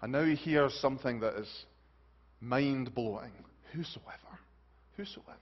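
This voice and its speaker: A man preaching a sermon, swinging from loud, urgent rises to hushed, soft pleas. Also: medium pitch, unhurried. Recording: dull lo-fi recording.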